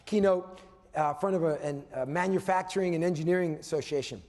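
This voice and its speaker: A man giving a motivational keynote as a business coach, animated, swinging between loud emphasis and hushed asides, often tagging points with "okay?". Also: on the high side, fast talker. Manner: tags points with a questioning "okay?". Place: conference hall before a live audience. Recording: long reverb of a large hall.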